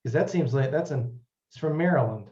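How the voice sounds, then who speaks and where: A man's voice: medium pitch, lively intonation, a little fast, mellow. Man, podcast co-host, casual movie chat, brief remarks, roomy echo, dull lo-fi remote audio.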